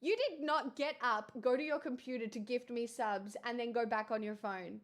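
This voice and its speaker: A woman's voice: fairly high pitch, normal speed. A woman hosting a casual livestream, chatting with viewers, thanking them in an exclamatory, wry way. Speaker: livestream host.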